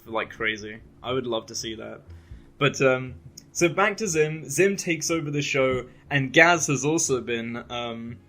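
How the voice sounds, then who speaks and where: A man's voice: medium pitch, animated, unhurried, fairly bright tone. A man with a British accent chatting casually, rambling through a movie recap and swearing freely. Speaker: podcast co-host, movie reviewer. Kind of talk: casual chat, movie review.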